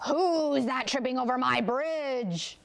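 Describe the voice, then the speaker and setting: A woman's voice: high voice, slow, vocal fry, no room sound, heavily acted. A woman voicing a mean, ugly male troll who roars threats. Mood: menacing. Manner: roaring, menacing threats.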